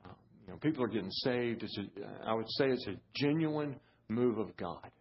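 Guest pastor, middle-aged man, halting then fervent, slightly breathy, muffled recording. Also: fairly low pitch, animated. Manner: halting, repeats words, rises to fervent preaching. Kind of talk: storytelling sermon. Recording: dull lo-fi sermon audio.

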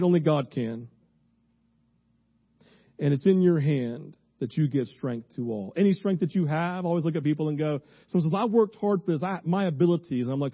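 Impassioned male pastor, slightly high voice. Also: lo-fi sound. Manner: impassioned, emphatic preaching that softens into a slow, hushed prayer. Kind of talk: sermon with devotional scripture reading and prayer. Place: church before a congregation.

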